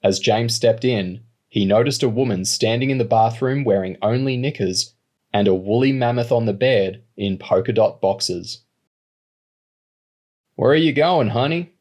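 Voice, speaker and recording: A man narrating an audiobook in a steady, measured reading voice. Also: fairly low pitch. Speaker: audiobook reader. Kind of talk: storybook narration.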